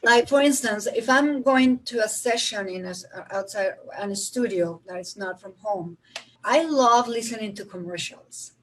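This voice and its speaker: A woman's voice: medium pitch, normal speed, fairly bright tone, low-quality recording. A woman hosting a panel discussion, chatting and asking the guests questions. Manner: conversational, asks guests questions. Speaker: panel host.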